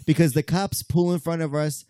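A man telling a story in casual podcast chat, animated and swearing freely, laughing often. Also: on the high side, moderate pace, no room sound, clean studio sound.

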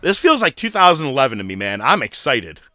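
A man's voice: mid-range voice, fairly quick, no echo. A man co-hosting a wrestling podcast, telling stories animatedly in casual chat. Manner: animated storyteller, acts out voices. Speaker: podcast co-host.

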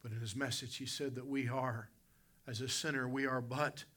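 Male pastor preaching in church, very forceful bright tone, emphatic, big swings from loud peaks to low asides. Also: fairly even intonation, normal speed. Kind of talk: preaching a sermon. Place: church service with congregation responding.

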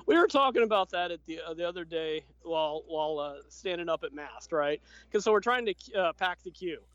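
A man with a fairly high voice chats easily, explaining things in an easygoing way. His sound is dry and a little dull and lo-fi, with no room around it. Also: dry recording. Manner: easygoing, explanatory, laughs often. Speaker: podcast co-host. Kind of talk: casual chat.

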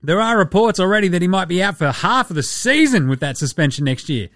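Sweary animated man, podcast host. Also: sits high, quick pace, no room sound, studio quality, soft background music. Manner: animated, sweary, jokey asides. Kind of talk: casual basketball chat.

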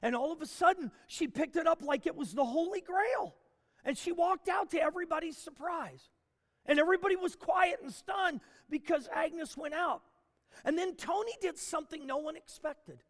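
A man telling a story in a sermon, animated, with frequent restarts and fillers. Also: extremely high pitch, moderate pace. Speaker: preacher. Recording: long hall reverb.

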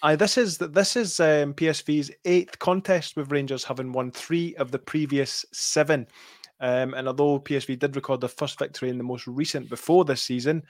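A man's voice: fairly high pitch, moderate pace, dry recording, studio quality. A man with a Scottish accent co-hosting a football podcast, casually chatting and reeling off match statistics. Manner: lively, reels off match statistics. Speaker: podcast co-host. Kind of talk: casual football chat reading out stats.

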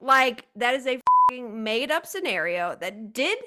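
A woman's voice: a little high, big pitch swings, normal speed, noisy background. A woman guesting on a podcast, talking bluntly and sarcastically with plenty of swearing. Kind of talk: casual podcast chat.

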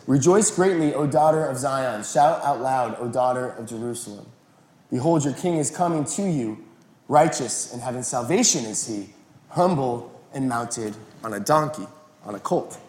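A man preaching a sermon as a pastor, telling the story in a relaxed, conversational way and acting out the quotes. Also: medium pitch. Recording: echoey room.

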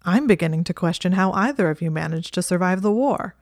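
A woman's voice: on the low side, lively intonation, a little fast, darkish tone, no room sound, clean studio sound. A woman voicing an exasperated young male wizard with a wry, sardonic manner.

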